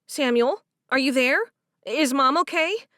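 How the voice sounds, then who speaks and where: A woman voicing a young woman who is grieving and tearful, speaking high and loud in an audiobook. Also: expressive, measured pace, dry recording, studio quality, exaggerated voice. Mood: distressed. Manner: high and loud, choked with distress. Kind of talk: audiobook character voice.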